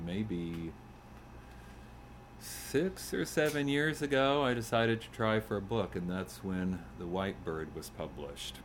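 Low-voiced man reading his poetry. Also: slight background noise. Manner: conversational, self-deprecating, gently humorous. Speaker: poet reading his work. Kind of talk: poetry reading to a live audience.

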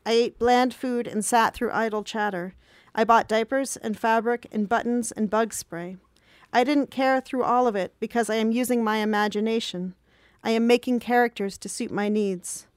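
A woman in her thirties reading her own diary entries aloud in a calm, measured, reflective way. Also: a little high, clear, resonant tone, no echo, clean studio sound. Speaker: reader of her own journal.

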